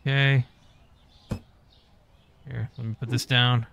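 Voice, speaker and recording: A man's voice: medium pitch, little pitch movement, takes it slowly, creaky, fairly bright tone, a little hiss or hum. A man giving casual, profane gameplay commentary, mock-scolding customers and staff as he plays. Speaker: gaming YouTuber.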